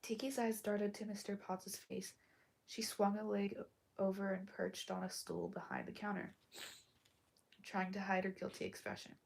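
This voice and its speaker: A woman reading a story aloud while sick and hoarse, coughing between lines and often dropping to a whisper. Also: mid-range voice, level tone, darkish tone. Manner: slow, halting, often drops to a whisper. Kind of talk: casual live read-aloud with asides.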